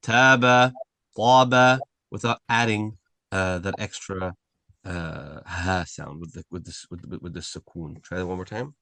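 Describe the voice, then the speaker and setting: Patient low-voiced man teaching Arabic sounds. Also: gravelly, fairly bright tone, dry recording. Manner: patient, corrects pronunciation slowly and repeats sounds. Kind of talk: online class teaching. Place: video call.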